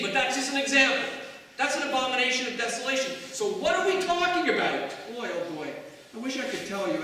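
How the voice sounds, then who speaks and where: A man's voice: high-pitched, bright, forceful tone, slight background noise. A man preaching a sermon as pastor, talking conversationally and throwing rhetorical asides to his congregation. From Canada. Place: church sanctuary. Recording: echoey church hall from far off.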